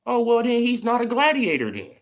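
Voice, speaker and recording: A man with a very high voice talks fairly quickly while ranting about sports in a casual commentary video. He's animated and emphatic, repeating himself and peppering his talk with "bro" and "right?".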